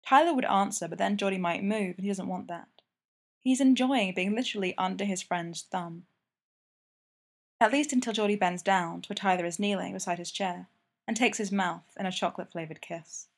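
A woman reading a story aloud in an even, intimate narrating manner. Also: mid-range voice, normal speed, vocal fry. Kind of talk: scripted narration.

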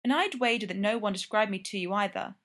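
A woman reading the lines of a cool, commanding female spy, calm and clipped. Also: mid-range voice, fast talker, natural voice.

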